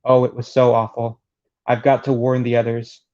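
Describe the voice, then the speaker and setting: A man's voice: medium pitch, completely flat delivery, normal speed, dark tone, lightly acted. A man reading the lines of a frightened male fighter fleeing in panic, in a near plain voice. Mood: distraught. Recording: dull lo-fi recording.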